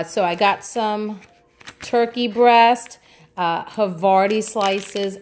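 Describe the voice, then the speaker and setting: A woman's voice: mid-range voice, slight background noise. A woman from New York City, a vlogger chatting casually through a grocery haul, rambling along with lots of ums and uhs.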